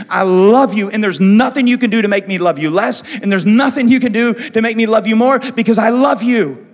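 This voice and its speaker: A male pastor preaching a sermon with passion, repeating phrases, swinging from hushed tones to loud. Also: sits high. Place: church hall. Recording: church hall with long reverb, soft music.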